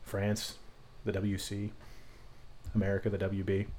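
A man's voice: fairly low pitch, monotone, measured pace, mellow, slight background noise. A man co-hosting a casual podcast chat about voice acting and accents, talking in a rambling, jokey way.

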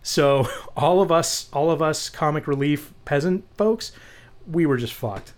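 Man, podcast co-host, chatty storyteller, casual cursing, animated delivery. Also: fairly high pitch, unhurried. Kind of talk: casual chat.

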